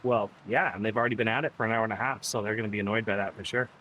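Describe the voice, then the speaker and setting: A man's voice: on the low side, fairly even intonation, racing, bright, forceful tone, slight background noise. A man live-streaming an indoor cycling ride, chatting casually with his viewers and riding partner and laughing often.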